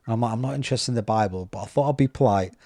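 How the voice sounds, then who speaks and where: A man's voice: medium pitch, rapid-fire, no echo, studio quality. British man telling stories animatedly. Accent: British English. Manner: animated, acts out quoted voices, repeats words. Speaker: podcast host. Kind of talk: casual conversational storytelling.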